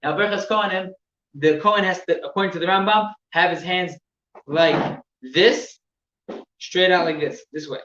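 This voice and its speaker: A man teaching religious laws to a class, explaining step by step with halting repeats and gestures. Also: sits high, bright, forceful tone. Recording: echoey room, distant mic, dull sound with faint noise.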